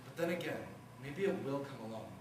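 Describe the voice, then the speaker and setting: A teenage boy performing as a charming, wry teenage boy who has cancer and teases as easily as he breathes. His voice is of middle pitch and carries from far off in an echoey room. Steady noise hums behind it. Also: fairly quick, lightly acted. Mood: playful. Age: teens. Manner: playful, teasing and wry. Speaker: student performer. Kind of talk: student stage performance.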